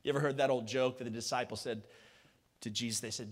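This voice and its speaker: A male pastor preaching a sermon, animated, firing rhetorical questions and swelling to a shout. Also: medium pitch, fairly quick, big-room sound.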